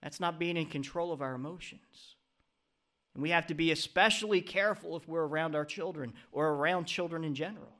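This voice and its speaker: A middle-aged male pastor delivers a sermon in a high, bright voice, preaching earnestly and frequently checking in with the congregation by calling out "Amen?"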